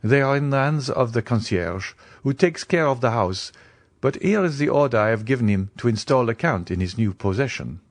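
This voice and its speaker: A man's voice: mid-range voice, lively intonation, normal speed, dry recording, clean studio sound, close to an everyday voice. A man playing a fawning provincial notary. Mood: obliging. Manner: eager, obliging. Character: fawning provincial male notary, fee-minded.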